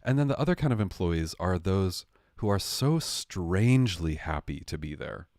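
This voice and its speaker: A young man with a deep, low-pitched voice rambles through a comedic rant on his livestream. He swears freely, stays sarcastic, and sounds close and dry with no room echo. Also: moderate pace. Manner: rambling, sarcastic, swearing, lively impressions of others. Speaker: livestream host.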